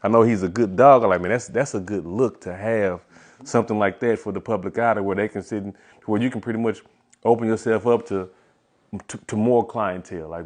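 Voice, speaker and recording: A man hosting a casual interview, asking questions in a relaxed, slangy way and often speaking softly. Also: on the low side, brisk. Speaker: interview host.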